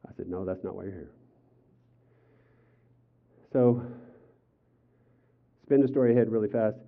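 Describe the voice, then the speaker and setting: An older man preaching a sermon as pastor, telling personal stories with animated, acted-out quotes. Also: lowish voice, measured pace. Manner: animated storytelling, acts out quotes with raised voice. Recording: tinny phone-like sound.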